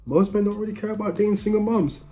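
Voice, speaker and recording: A man co-hosting a podcast, giving calm and measured opinions while reacting to a clip. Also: high voice, soft background music. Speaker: podcast co-host. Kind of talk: casual reaction commentary.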